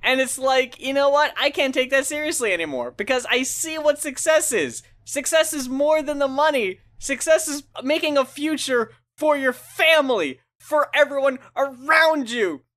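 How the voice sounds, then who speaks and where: Animated, outspoken woman co-host, fairly high and expressive voice, swears freely. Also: moderate pace, hardly any pauses. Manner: animated, blunt and profane. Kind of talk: casual review chat.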